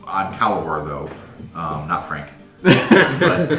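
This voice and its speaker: A man's voice: sits low, wildly swooping pitch, extremely slow, long pauses, roomy sound, background noise. A man playing a tabletop game, bantering playfully in character. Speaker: player. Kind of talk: tabletop role-play.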